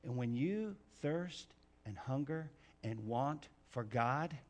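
A man preaching a sermon, telling stories with dramatic swings from hushed to loud. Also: mid-range voice, expressive, slow. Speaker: pastor.

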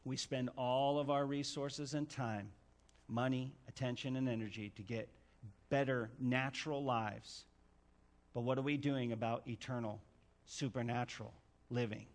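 A man preaching a sermon, telling stories with dramatic swings from hushed to loud. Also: medium pitch, steady tone, a little slow. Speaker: pastor.

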